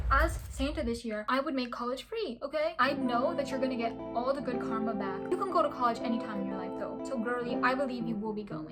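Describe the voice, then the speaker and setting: A young woman vlogger reading out viewer confessions in casual chat, animated and giggly with dramatic reactions. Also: high voice. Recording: loud music playing behind the voice.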